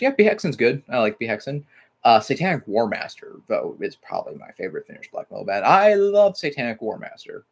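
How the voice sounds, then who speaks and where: A man from Mississippi hosts a casual livestream at an ordinary middle pitch. He rambles loosely, stacking "like" fillers and dropping the odd swear word as he chats. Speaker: livestream host.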